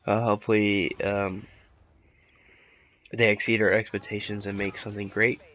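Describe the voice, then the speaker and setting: A man's voice: on the low side, flat delivery, moderate pace, a bit bright. A man doing casual commentary over his gameplay while sick, rambling laid-back with lots of fillers. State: sick, rough voice. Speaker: gaming commentator.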